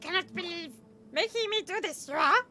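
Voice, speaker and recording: A woman doing a squeaky impression of a little old alien sage who speaks with his words turned backwards. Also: lively intonation, moderate pace, over music. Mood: playful. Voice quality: squeaky, inverted word order.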